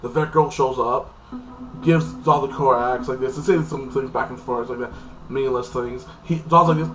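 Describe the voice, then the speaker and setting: A man's voice: medium pitch, steady tone, moderate pace, background noise. A man giving a loose, rambling recap of a TV episode, stacking up filler phrases as he goes. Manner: loose, repetitive, heavy on "like this" fillers. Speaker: TV episode reviewer.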